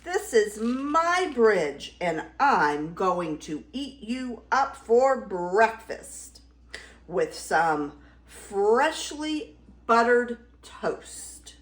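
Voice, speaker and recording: Grandma doing a loud growling storybook troll, slow, roomy echo. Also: female voice, on the high side, very animated, full character voice. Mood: roaring, greedy. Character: big ugly hungry male troll, roaring. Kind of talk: read-aloud storytelling.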